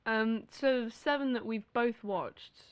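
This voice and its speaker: A young British woman co-hosting a casual chat podcast, chatty and quick to correct her friend. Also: a little high, smooth, highs cut off. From Britain. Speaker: podcast co-host.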